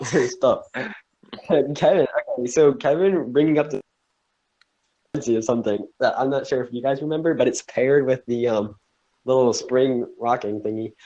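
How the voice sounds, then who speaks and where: A man's voice: mid-range voice, normal speed, mellow. A man telling a story in a casual podcast chat with friends, acting out his own reactions with lots of energy. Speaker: podcast co-host. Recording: dull lo-fi faulty mic.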